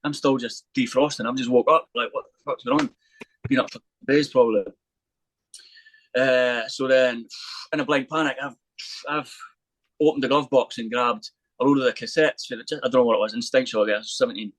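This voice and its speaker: As a guest on a podcast, a man chats casually through an energetic anecdote, swearing without restraint and imitating the people involved. His pitch is medium and his delivery fairly quick. There's slight background noise, and the audio is poor.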